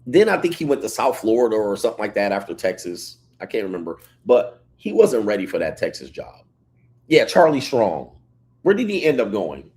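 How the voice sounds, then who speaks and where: A man hosting a casual livestream, reading chat comments and telling stories in an animated way. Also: fairly low pitch, a little fast. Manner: animated storytelling, reads chat comments aloud. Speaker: livestream host.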